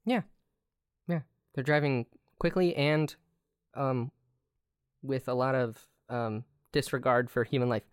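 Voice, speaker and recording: A woman co-hosting a casual movie podcast, relaxed, agreeing easily and laughing quietly. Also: rumbling low, unhurried, pauses often, clear, resonant tone, dry recording, studio quality. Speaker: podcast co-host. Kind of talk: casual movie-review chat.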